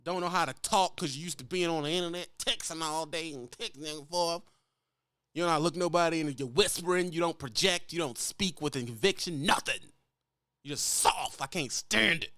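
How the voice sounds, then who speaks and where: A man's voice: fairly high pitch, moderate pace, sharp tone, dry recording, studio quality. A man with a Louisiana accent, a truck driver lecturing bluntly and profanely in a ranting vlog.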